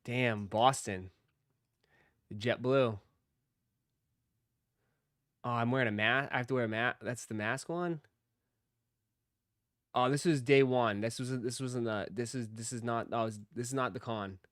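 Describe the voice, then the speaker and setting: A man's voice: mid-range voice, measured pace, long pauses, fairly bright tone, no room sound, studio quality. A man on a live stream commenting casually on old videos, with loose, profane asides.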